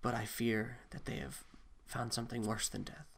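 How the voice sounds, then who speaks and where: A man's voice: medium pitch, flat delivery, normal speed, creaky, a bit bright, husky. A man voicing a guilt-ridden middle-aged male leader, speaking hesitantly and sorrowfully. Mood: somber.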